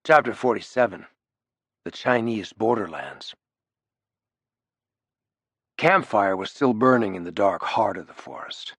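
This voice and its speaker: A man's voice: on the low side, expressive, a little slow, pauses often, fairly bright tone, husky, no echo. A man narrating a thriller audiobook with wry, punchy emphasis, close on the mic.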